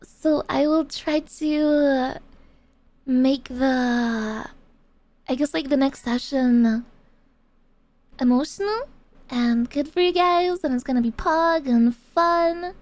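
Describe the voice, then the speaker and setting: A young woman streaming to her viewers in a high voice. She talks at an unhurried pace. Her casual chat is full of swearing and slang, and it swings between laughter and ranting. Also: a little mellow, no room sound. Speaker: VTuber streamer.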